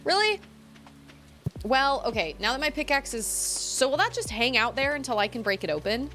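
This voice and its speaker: A woman streaming a game, chatting casually, giggling and thinking out loud as she plays. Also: sits high, lively intonation, normal speed, faint music behind. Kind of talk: casual gameplay streaming chat.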